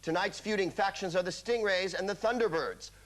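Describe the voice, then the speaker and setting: A man's voice: high voice, a little fast. A man hosting a comedy quiz show, delivering wry, scripted patter. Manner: wry, arch. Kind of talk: scripted comic host patter. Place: television studio. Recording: loud studio audience and noise.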